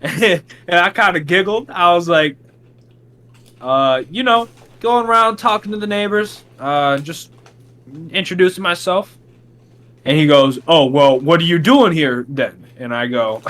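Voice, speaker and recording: Animated young man telling a story. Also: takes it slowly. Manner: animated, acts out quotes with big pitch jumps. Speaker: podcast co-host. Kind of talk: casual storytelling chat.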